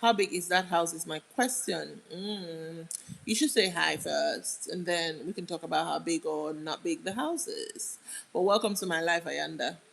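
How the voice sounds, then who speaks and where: Chatting her way through a casual livestream, a young woman from Nigeria responds aloud to comments from her viewers, sometimes letting sentences trail away. Her voice sits lowish and sounds creaky yet fairly bright, with a measured pace and a Nigerian accent, all captured on poor audio.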